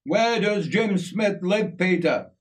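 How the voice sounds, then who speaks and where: A man's voice: high-pitched, animated, slow pace, pitched above the performer's own voice. A man voicing an eager, curious fifteen-year-old boy asking questions.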